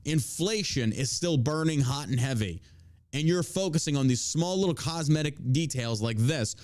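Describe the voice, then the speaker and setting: A man's voice: a little high, a little mellow, no room sound, clean studio sound. A man hosting a show, delivering profane, combative and mocking political commentary. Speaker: podcast host.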